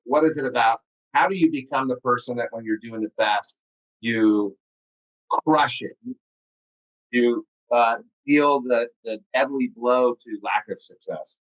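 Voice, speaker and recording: A man's voice: mid-range voice, measured pace, fairly bright tone, muffled recording. A man hosting a podcast interview, asking pointed questions emphatically and repeating words as he presses a point. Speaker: podcast host. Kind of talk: casual interview talk.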